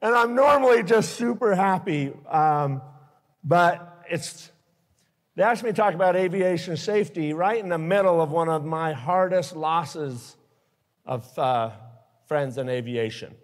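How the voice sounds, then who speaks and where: A man's voice: on the high side, unhurried. A man giving a live aviation safety talk to pilots, earnest and openly emotional, with blunt warnings. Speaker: speaker at aviation safety forum. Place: forum at an airport hangar venue. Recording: long reverb from a large hall.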